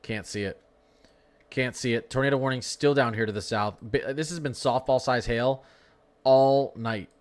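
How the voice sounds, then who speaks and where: A man's voice: medium pitch, fairly even intonation, moderate pace. A young man hosting a live severe-weather stream, chatting casually and teasing his viewers. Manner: joking, talks to chat, frequent laughs. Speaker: livestream weather host.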